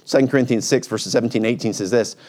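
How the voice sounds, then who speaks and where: A male pastor preaching a sermon in a lively, conversational way, dropping to a quiet low voice at reflective moments. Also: rapid-fire. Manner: energetic, conversational preaching with sudden pitch swings.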